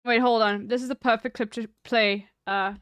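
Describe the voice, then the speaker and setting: Young South African woman, South African accent, profane rambling chat, high voice, dry sound. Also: fairly even intonation, normal speed, a bit bright, smooth, dry recording. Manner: profane, rambling, laughing asides. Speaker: streamer. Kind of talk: casual stream chat.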